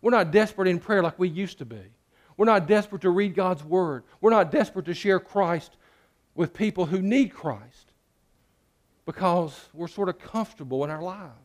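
Guy preaching in church, chatty and jokey, voice a bit high, goes loud then quiet. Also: moderate pace. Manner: conversational, joking with the congregation. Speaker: pastor. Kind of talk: sermon.

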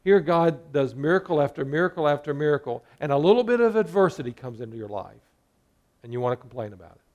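A man preaching a sermon with a voice pitched a little high. He talks to his congregation as a pastor and sometimes slips into the voices of the grumblers in his story. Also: animated, fast, a little mellow, muffled recording. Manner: preaching, acting out quoted complaints.

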